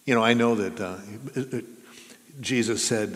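The voice is a man's, on the low side, at normal speed, as he preaches a sermon in a church sanctuary. As pastor he is earnest and conversational, questioning his listeners amid the reverberant acoustics of the hall.

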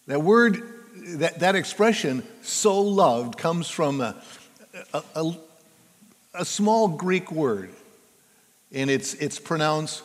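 An older man preaching a sermon as pastor, halting and repeating himself, then landing hard on key words. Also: fairly high pitch, animated. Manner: halting, repeats words, building to emphatic stresses. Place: church sanctuary. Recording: long church reverb.

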